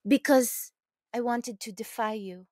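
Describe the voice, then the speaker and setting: A woman's voice: a little high, a little slow, warm tone, lightly acted. Woman putting on a sultry French coquette. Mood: coolly defiant. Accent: French (put on).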